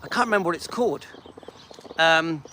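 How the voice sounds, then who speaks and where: Bright-voiced rambling English man. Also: on the high side, expressive, brisk, slight background noise. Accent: West Country English. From England. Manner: enthusiastic, rambling, with fillers. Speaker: vlogger. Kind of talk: casual chat.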